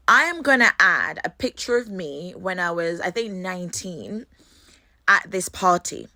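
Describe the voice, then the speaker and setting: A young woman from Jamaica with a Jamaican London accent tells embarrassing stories in an animated, profane way. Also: on the low side, moderate pace, dry recording. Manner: animated, swears freely. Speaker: host. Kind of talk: storytelling monologue.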